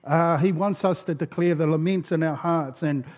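A pastor preaches in a loose, chatty way, stumbling and restarting often. His voice sounds worn and sits high for a man. The recording is dull and lo-fi. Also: steady tone, normal speed, a little mellow. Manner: casual storytelling, many fillers and restarts. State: voice going. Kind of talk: sermon.

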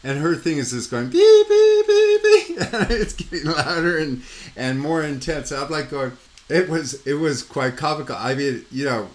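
On his painting podcast, a man with a somewhat high voice and steady, moderate delivery spins a meandering story. The painting coach keeps things loose with plenty of "you know" and "like," acting out voices and mimicking sound effects with lots of energy.

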